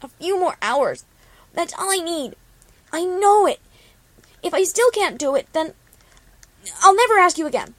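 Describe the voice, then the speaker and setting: A woman's voice: on the high side, sing-song, normal speed, fairly bright tone, no echo, low-quality recording. A woman voicing an obsessive young female pony from a storybook, speaking tensely with a desperate, insistent edge.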